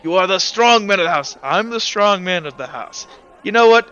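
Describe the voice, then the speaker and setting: A chubby, conspiratorial vampire merchant who talks to customers like old friends, as a man puts him on. The voice is bright and clear, with a dull, lo-fi edge to the sound. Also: sits high, lively intonation, moderate pace. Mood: chummy. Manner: wheedling, chummy.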